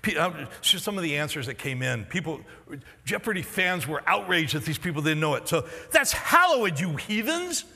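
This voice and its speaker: Male pastor, raised pitch, animated sermon style, voice going hoarse, big reverberant sanctuary. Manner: animated, jokey storytelling with quick voice swings. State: losing his voice. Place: large church hall. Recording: long hall reverb in a church auditorium.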